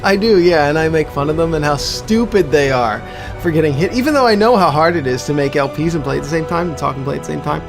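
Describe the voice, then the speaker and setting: A man's voice: a little high, quick pace, creaky, over music. A man co-hosting a let's play, teasing and chuckling as he chats. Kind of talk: casual gameplay commentary.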